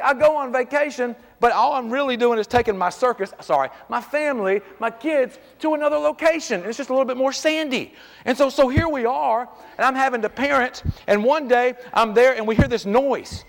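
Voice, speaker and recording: Middle-aged male pastor, high voice, lively and jokey sermon delivery, long church-hall reverb. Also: vocal fry. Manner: lively, conversational, joking, peppered with "man". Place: church sanctuary.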